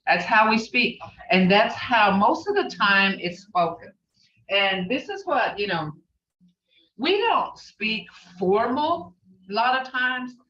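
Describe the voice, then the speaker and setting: A woman's voice: medium pitch, a bit bright, highs cut off. Older woman teaching, distant echoey audio. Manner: rambling, repeats "okay?" to check understanding. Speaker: language teacher. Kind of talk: informal online language class.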